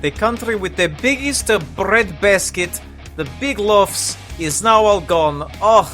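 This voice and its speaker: A man's voice: mid-range voice, moderate pace, pushed and bright, faint music behind. A man voicing a Soviet radio operator who poses as an American host, speaking in exaggerated broken English with a boastful announcer delivery. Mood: mock-announcer.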